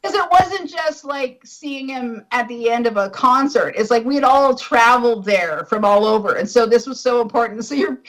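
A woman co-hosting a podcast, telling a story in an excited, emotional way, full of filler words and close to tears. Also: on the high side, normal speed, hardly any pauses, rough recording. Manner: excited, gushing, heavy use of fillers like "like". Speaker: podcast co-host. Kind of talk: casual storytelling.

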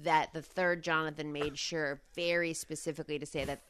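A woman co-hosting a casual chat, telling stories in an animated way. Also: sits low, brisk, a little hiss or hum. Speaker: podcast co-host.

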